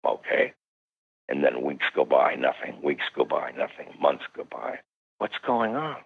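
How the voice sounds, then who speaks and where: Man, extremely low voice, husky, animated storyteller, dull lo-fi radio call. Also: unhurried. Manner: animated storyteller with sudden pitch jumps. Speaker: guest parapsychologist. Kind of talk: recounting stories in a radio interview.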